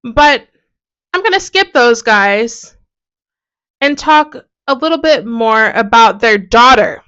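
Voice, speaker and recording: A woman hosting a video, giving casual, animated commentary on ancient texts with a sarcastic edge and frequent laughs. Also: fairly high pitch, slow pace, muffled recording. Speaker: video host.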